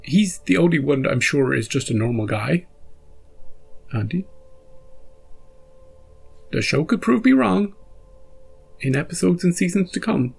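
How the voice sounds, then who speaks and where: Gravelly-voiced man musing casually. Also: fairly high pitch. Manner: rambling, self-interrupting, chuckles often. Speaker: reaction video host. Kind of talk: casual after-episode musing.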